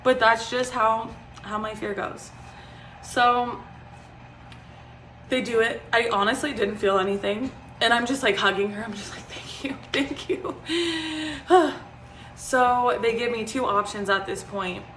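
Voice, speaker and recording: Bright-voiced young woman telling a story. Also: on the high side, steady tone, unhurried, a little hiss or hum. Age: 20s. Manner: chatty, frequent "like" and "um" fillers. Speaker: vlogger. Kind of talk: casual personal storytelling. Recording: roomy echo.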